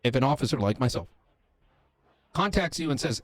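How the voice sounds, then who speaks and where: A man's voice: medium pitch, expressive, fast. A man playing a police officer in a roleplay game, talking in character in an earnest, lecturing way, stopping often with fillers.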